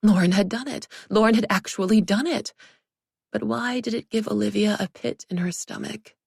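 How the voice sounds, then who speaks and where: A woman's voice: mid-range voice, moderate pace, vocal fry, darkish tone, husky, no room sound. A woman narrating an audiobook with a wry, dry comic delivery.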